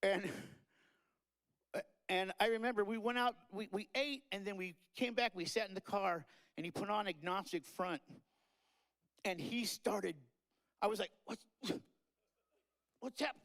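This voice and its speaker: A man's voice: high-pitched, measured pace, long pauses, a bit bright, rough recording. Man rambling through a heartfelt eulogy. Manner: rambling, tearful and joking, with many fillers. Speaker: eulogy speaker. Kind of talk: memorial tribute speech. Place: live-streamed memorial event.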